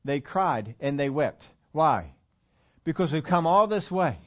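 A man gives a sermon in an easy, conversational way and keeps asking his congregation questions. His voice sits on the higher side. The recording sounds a little muffled and lo-fi. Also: animated, a little slow. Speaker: pastor.

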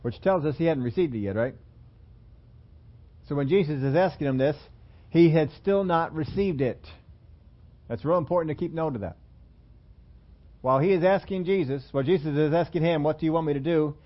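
A man's voice: a little high, a little fast, pauses often, muffled recording. A man preaching a sermon in a church room, talking conversationally and putting questions to the congregation. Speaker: pastor.

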